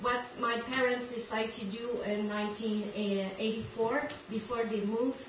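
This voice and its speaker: Woman with a French Canadian accent, halting English, fairly high voice, echoey room, distant mic. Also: steady tone. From Quebec, Canada. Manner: halting, searching for English words. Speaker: guest presenter. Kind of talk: informal presentation. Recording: echoey room from far off, background noise.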